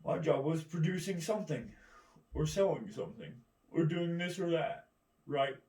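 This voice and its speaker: A man's voice: on the high side, expressive, moderate pace, darkish tone. A man ranting in a rambling, combative monologue, swearing constantly and often asking "right?". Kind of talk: profane monologue rant. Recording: echoey room, distant mic.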